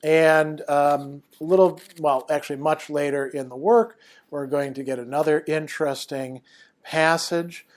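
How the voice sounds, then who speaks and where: A man's voice: fairly high pitch, steady tone, measured pace. Hesitant man giving a lecture. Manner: hesitant, many fillers, thinking aloud. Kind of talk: online lecture.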